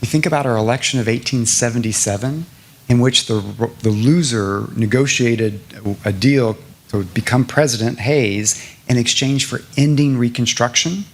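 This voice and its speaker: Middle-aged guy from south carolina, gravelly edge, earnest lecture answer, piles up emphatic lists. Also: medium pitch, normal speed. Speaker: guest speaker at a public lecture.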